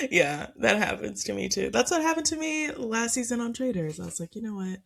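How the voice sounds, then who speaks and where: Woman podcast cohost, giggly and chatty, voice bounces all over, bit of vocal fry. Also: on the high side, animated, normal speed, fairly bright tone. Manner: giggly, laughs often, lots of fillers. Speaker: podcast co-host. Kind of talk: casual chat.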